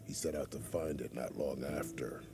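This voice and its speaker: In a video game, an actor plays a gruff, weathered male scout with an extremely deep, gravelly voice. His delivery is measured and matter-of-fact, the tone and mood steady, with some background noise in the recording.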